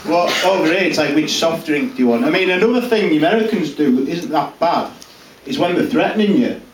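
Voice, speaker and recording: In a live stand-up character act at a small pub comedy room, a comedian takes on a crude, brash Cumbrian farmer who rambles bluntly in the local accent. He speaks briskly with a voice on the high side, lively intonation and a lightly acted quality. A distant mic picks it up in a roomy, noisy setting before the audience.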